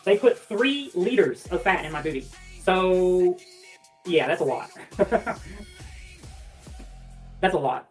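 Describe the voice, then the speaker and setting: A woman on a casual livestream, out of breath, bluntly and profanely answering viewer comments. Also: on the low side.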